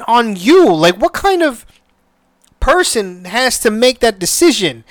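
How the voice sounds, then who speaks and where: A man's voice: extremely high pitch, sing-song, takes it slowly, a bit bright, dry recording. A man hosting a podcast, chatting casually and emotionally, swearing and restarting his sentences often. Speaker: podcast host. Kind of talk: casual solo chat.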